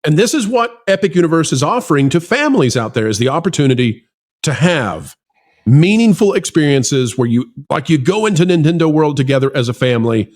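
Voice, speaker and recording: A man's voice: fairly high pitch, big pitch swings, fairly quick, a little mellow. A man hosting a talk show, speaking earnestly and a bit like a preacher to his listeners, then turning to question his co-host. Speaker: podcast host. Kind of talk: heartfelt talk-show commentary.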